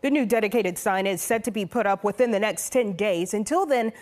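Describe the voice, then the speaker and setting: A woman's voice: medium pitch, a little fast, darkish tone. A woman TV news reporter voicing a local news package.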